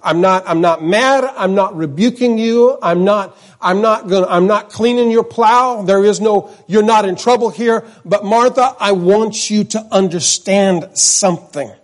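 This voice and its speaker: A man voicing a gentle, earnest man who reassures a friend during a sermon. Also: high-pitched, a little slow, few pauses, voice pushed up. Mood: reassuring.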